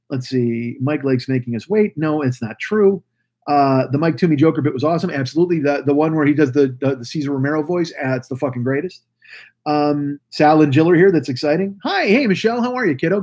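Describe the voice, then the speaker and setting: Husky, profane man hosting a live stream. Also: fairly high pitch, darkish tone. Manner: profane, rambling, chatty. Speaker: live stream podcast host. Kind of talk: casual rambling live stream chat. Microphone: webcam.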